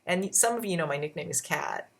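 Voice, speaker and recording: A woman vlogging in a casual storytelling style. Her voice sits a little low, but she moves around a lot, speeding up, slowing down and jumping higher to act out other people's lines. It comes across as chatty and expressive. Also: gravelly. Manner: animated retelling with shifting pitch and pace; acts out quoted voices.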